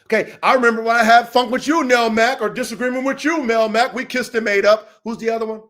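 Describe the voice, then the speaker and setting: A man with a high voice for his sex, hosting a dog-training podcast. He rants in a heated, confrontational way, swearing freely and repeating himself for emphasis. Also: fairly even intonation, fast talker, fairly bright tone. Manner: profane, repetitive, confrontational. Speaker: dog trainer and show host.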